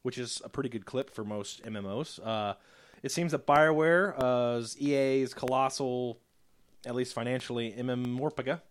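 A man's voice: medium pitch, moderate pace. A man co-hosting a gaming podcast, running through news items in an easygoing, joking way. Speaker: podcast co-host reading news. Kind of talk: casual chat and news rundown.

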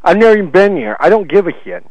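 Swearing prank caller, high-voiced man. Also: big pitch swings, rapid-fire, a little mellow, no room sound. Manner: belligerent, taunting, swears a lot. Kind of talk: prank phone call. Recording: muffled phone call recording.

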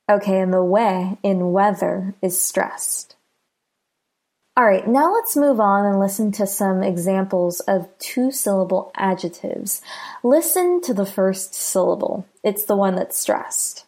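An American woman teaching English pronunciation, patiently repeating each word slowly and clearly. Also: medium pitch, animated, mellow. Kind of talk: slow, clear pronunciation lesson.

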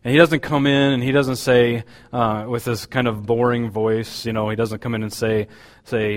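A man's voice: medium pitch, level tone, normal speed, long reverb tail. A man preaching a sermon as pastor, talking in a conversational, hesitant way with many fillers.

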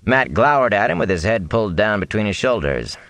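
A man reads a novel aloud in a very deep voice, swinging his pitch widely as he tells the story. The sound is dry and close, with no room around it. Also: very animated, brisk, fairly bright tone, no room sound. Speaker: audiobook narrator. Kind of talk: scripted narration.

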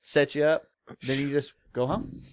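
A man, a podcast guest chatting easygoing and halting. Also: fairly high pitch, fairly even intonation, no echo, studio quality. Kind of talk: casual podcast chat.

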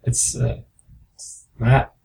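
A young man co-hosting a comedy podcast, chatting casually with sarcastic, deadpan asides. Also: drawn-out words, slight background noise. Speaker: podcast co-host.

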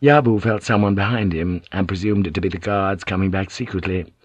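A man reads a historical novel aloud in a low, even voice. He takes his time over each phrase. The sound is close and dry, with no room around it. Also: fairly quick, husky, no echo, muffled recording. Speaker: audiobook narrator. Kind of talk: scripted narration of a novel.

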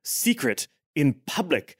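A man voicing a haughty aristocratic duke in a tabletop role-play, speaking formally and dropping quiet and low when affronted. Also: sing-song, slow pace, husky, heavily acted. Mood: offended. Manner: stiff, formal, sinking quiet when offended.

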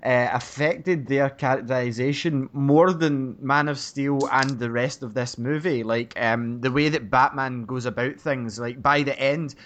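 A man's voice: mid-range voice, fairly even intonation, a little slow, hardly any pauses, a bit bright. A Scottish man co-hosting a podcast, chatting casually about films with frequent ums and easy laughter. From Scotland. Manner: hesitant, many ums, laughs easily. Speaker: podcast co-host.

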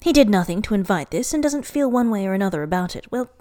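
A woman's voice: mid-range voice, animated, fast, dark tone. A woman reading fan fiction aloud to a friend, stopping now and then to fix slips or ask about a word. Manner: reads steadily, stops to ask about words and laugh at slips. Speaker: reader and co-host.

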